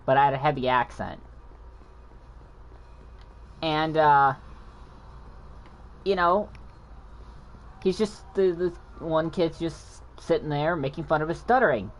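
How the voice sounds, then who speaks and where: A man's voice: fairly high pitch, takes it slowly, pauses often. A man who stutters and mumbles, chatting casually as a gaming channel host. He rambles, keeps restarting his sentences and doubles back when he loses his thread. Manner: rambling, frequent restarts and backtracking. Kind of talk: casual storytelling chat.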